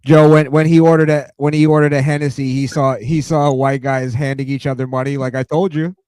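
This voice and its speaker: A man co-hosting a podcast in casual chat, often laughing and adding quick teasing remarks. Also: mid-range voice, level tone, darkish tone, smooth, no room sound. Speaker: podcast co-host.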